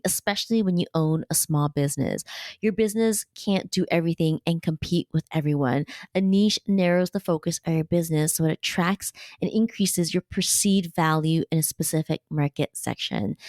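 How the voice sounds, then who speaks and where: A woman from Canada hosting a business podcast, giving a steady, direct scripted talk into a close microphone. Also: fairly low pitch, no room sound. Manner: steady, direct, instructive delivery. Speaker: podcast host and business coach.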